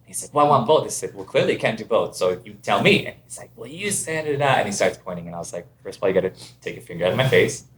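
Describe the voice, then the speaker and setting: Man from Ontario, podcast guest, lively, animated storyteller with swooping pitch; faint noise behind. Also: quick pace, hardly any pauses. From Ontario, Canada. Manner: animated, acts out quoted voices. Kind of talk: casual storytelling.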